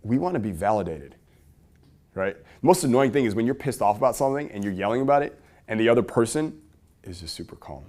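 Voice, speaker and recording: A man speaks in a lowish voice while he teaches a live audience in a room. He is energetic and keeps asking the crowd questions. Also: a little fast, long pauses. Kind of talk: live seminar talk to an audience.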